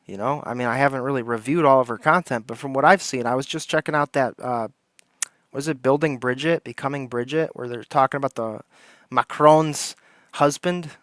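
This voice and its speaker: A man's voice: medium pitch, a little fast, a bit bright, no room sound, clean studio sound. A man hosting a livestream, giving casual political commentary in a heated, rambling way, full of restarts and slang. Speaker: livestream host.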